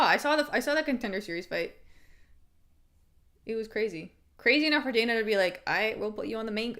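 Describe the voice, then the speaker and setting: A woman hosting a live fight watch-along, chatting excitedly, swearing casually and laughing often. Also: medium pitch, brisk. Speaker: livestream host.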